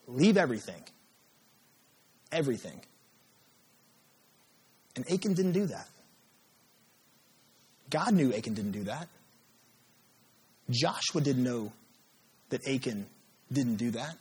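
A man's voice: mid-range voice, expressive, a little slow, pauses often, breathy edge. A man preaching a sermon, acting out prayers and scripture dramatically and speaking to the congregation directly. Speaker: pastor.

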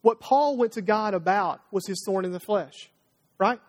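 A male pastor preaching a conversational sermon. He acts out prayers and God's answers in a lively, talkative way. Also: high voice, moderate pace. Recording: long reverb of a large hall.

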